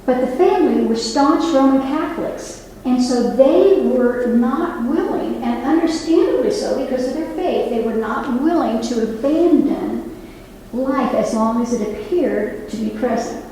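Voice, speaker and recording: Lively intonation and a warm, high-pitched voice mark this woman over sixty-five, a nurse giving a heartfelt public talk in a library meeting room; she speaks at a measured pace and turns to the crowd with asides and questions. The echoey hall is captured by a distant mic, with slight background noise.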